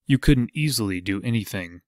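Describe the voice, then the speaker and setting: A cool, deadly archer calmly spells out threats from the dark, as a man voices him. His voice stays low and steady, recorded dry and close. Each threat comes out unhurried and matter-of-fact. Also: no echo, close to an everyday voice. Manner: calm and coolly menacing.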